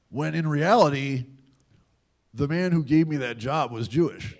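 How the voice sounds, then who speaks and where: A man's voice: on the high side, measured pace. A man giving a candid, self-deprecating personal talk to a young audience, acting out the voices of people in his story. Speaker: guest speaker at a youth event. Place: large event hall at a university.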